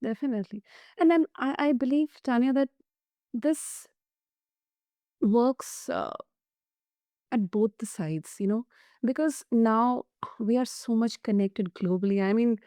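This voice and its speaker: A woman hosting an interview over a video call, halting and searching for her words. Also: on the high side, dark tone, dry recording, studio quality. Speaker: podcast host. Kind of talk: conversational interview.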